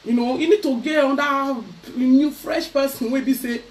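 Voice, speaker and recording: A Nigerian woman vlogger ranting loudly to camera in a mocking, scolding way. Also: high voice, steady tone, moderate pace. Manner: loud, mocking, switching into Pidgin. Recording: voice a bit far from the mic.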